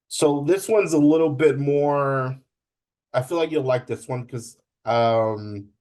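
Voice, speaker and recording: Young man asking halting interview questions. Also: mid-range voice. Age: young adult. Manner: halting, with fillers.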